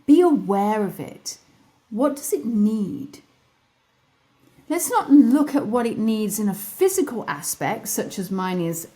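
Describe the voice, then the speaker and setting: A middle-aged woman hosting a podcast, her voice tired, leading listeners through a gentle guided wellness exercise with repeated soft questions and playful self-mocking asides. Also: mid-range voice. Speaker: podcast host.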